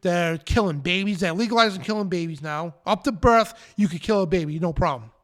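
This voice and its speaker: A man's voice: high-pitched, a little fast, fairly bright tone. Fiery, defiant male show host. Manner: emphatic, defiant, repeats phrases. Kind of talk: fiery preaching rant on a live show.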